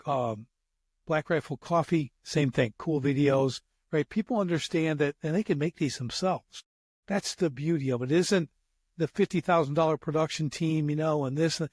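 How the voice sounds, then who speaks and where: A man's voice: a little high, a little mellow, dry recording, clean studio sound. A man in his sixties hosting a podcast interview, telling rambling anecdotes in casual chat. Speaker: podcast host.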